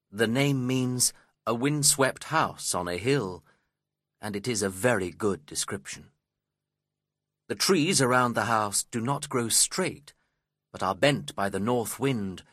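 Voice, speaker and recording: A man reading a novel aloud in the first person, in a measured, expressive storytelling manner. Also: medium pitch, breathy edge, no echo, clean studio sound. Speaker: audiobook narrator. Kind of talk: scripted first-person narration.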